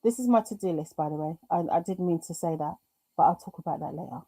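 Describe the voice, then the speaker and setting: Speaking fast in a lowish, dark-toned voice, a British woman hosts a live craft stream with no reverb on the recording. She chats casually, reads comments from viewers aloud and talks to herself whenever the tech acts up.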